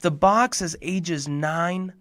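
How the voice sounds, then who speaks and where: Man playing stern dad, deep and firm, children's story. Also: takes it slowly, a bit bright, no room sound. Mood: questioning. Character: stern father calling his young son.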